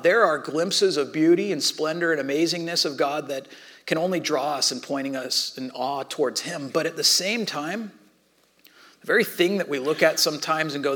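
A man preaching a sermon in a conversational way, swinging between loud and hushed. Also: fairly high pitch. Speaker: pastor.

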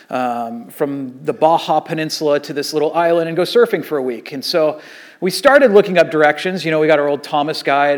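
A man in his thirties, an associate pastor, telling a story in a sermon in a casual, animated way with many fillers. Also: on the high side.

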